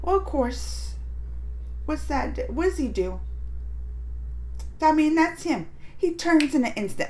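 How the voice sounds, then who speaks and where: A woman hosting a casual reaction video, excitedly retelling and commenting on scenes. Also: high-pitched, slow, pauses often. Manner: animated, excitable retelling with laughs and acted-out quotes.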